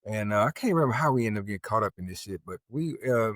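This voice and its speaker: A man's voice: on the low side, lively intonation, fast talker, no echo. A middle-aged man co-hosting a podcast who tells stories in a blunt, profane, casual way. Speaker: podcast co-host. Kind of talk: casual chat.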